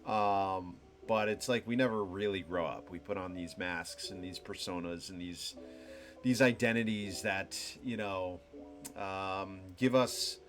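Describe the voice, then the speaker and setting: Young male streamer, lowish voice, rambling reflective monologue full of restarts, faint music underneath. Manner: halting, many restarts and fillers, laughs at own stories. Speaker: streamer hosting a live talk show.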